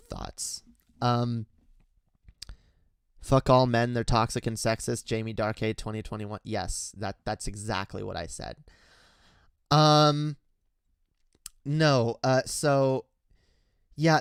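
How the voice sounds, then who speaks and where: A man hosts a livestream, chatting casually and reading the chat in rambling speech full of fillers and restarts, laughing often. His voice is medium-pitched with a clean tone. The recording is dry and of studio quality.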